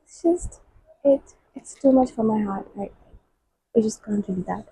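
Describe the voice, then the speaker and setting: A woman's voice: fairly high pitch, a little slow, vocal fry, mellow, breathy edge, low-quality recording. A young woman vlogging as she reads, gushing emotionally as she reacts and reads passages aloud. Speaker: book vlogger. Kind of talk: casual reading-vlog commentary.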